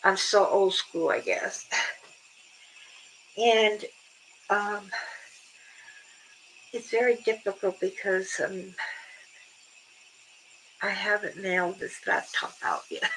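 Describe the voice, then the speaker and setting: A woman's voice: mid-range voice, steady tone, takes it slowly, long pauses, fairly bright tone, slight background noise, low-quality recording. An older woman chatting casually with viewers on a livestream, telling rambling stories and laughing often. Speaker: livestream host.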